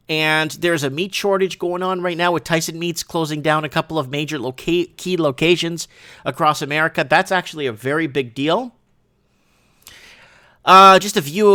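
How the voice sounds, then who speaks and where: A man hosting a casual livestream from his shop, rambling and excitable, often restarting and asking "right?". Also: fairly high pitch, moderate pace. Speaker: livestream show host.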